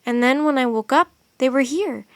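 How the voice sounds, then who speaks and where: A brave young boy, fierce and loud, his voice pitched high, as a woman reads him aloud. He shouts with force in a dry, close storybook recording. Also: moderate pace, no echo. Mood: urgent.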